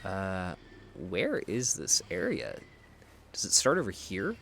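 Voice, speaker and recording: Playing a video game on stream, an American man thinks aloud and chats with viewers, rambling and self-deprecating with plenty of restarts. His deep, gravelly voice is fairly bright, swings hugely in pitch, and moves slowly. A little hiss or hum sits in the audio.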